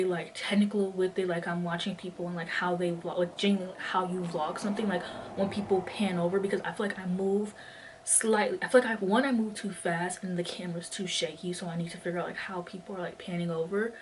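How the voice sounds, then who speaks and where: A woman's voice: lowish voice, fairly even intonation, fast, slight background noise. A young woman in her twenties vlogging while walking, chatting in a rambling way full of fillers, a bit out of breath. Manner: rambling, filler-heavy, lots of "like". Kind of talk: casual chat. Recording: distant mic with faint ambience.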